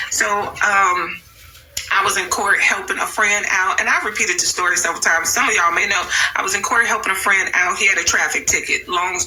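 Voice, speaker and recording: Bright-voiced woman telling stories on a livestream. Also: mid-range voice, a little hiss or hum, rough recording. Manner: chatty, loose and slangy, swears freely. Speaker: livestream host. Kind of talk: casual livestream storytelling.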